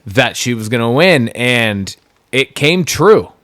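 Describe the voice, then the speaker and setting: Smooth-voiced man co-hosting a podcast. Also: mid-range voice, slow pace, no echo. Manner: relaxed, chatty, laughs often, filler words. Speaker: podcast co-host. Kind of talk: casual wrestling chat.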